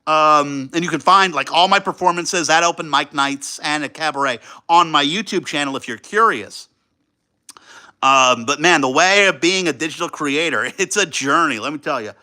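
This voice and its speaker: A young man hosting a livestream, chatting casually and rambling with lots of fillers and excited outbursts. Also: fairly high pitch, moderate pace. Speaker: livestream host.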